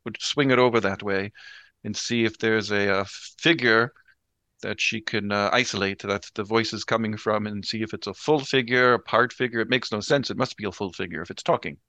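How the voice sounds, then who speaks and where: A man's voice: fairly low pitch, fairly even intonation, a little fast, sharp tone, no echo. A man playing a tabletop horror game, hesitantly describing his character's actions with many fillers. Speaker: player.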